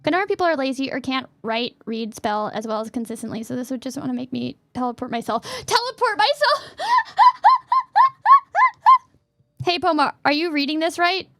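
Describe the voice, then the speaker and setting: A woman streamer chatting casually and reading questions aloud, giggly and playful, sometimes bursting into a yell. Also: high voice, fast, hardly any pauses, dry recording.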